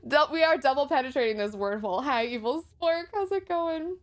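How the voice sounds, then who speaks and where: A young adult woman streams a game playthrough in a high voice. She giggles, exclaims and keeps up a running chat with her viewers. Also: animated, brisk.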